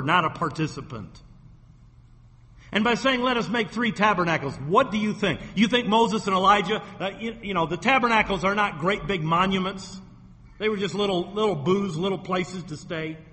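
A man's voice: sits high, normal speed, sharp tone, slightly rough. A man preaching a sermon in a church, emphatic and repetitive, asking the congregation rhetorical questions. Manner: emphatic, repeats phrases for effect, asks rhetorical questions. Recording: long hall reverb.

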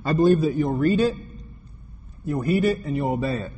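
A man's voice: on the high side, lively intonation, a little fast, warm tone, slightly rough. A man preaching a sermon, telling a story with quoted dialogue and building to emphatic points. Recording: long hall reverb, faint noise.

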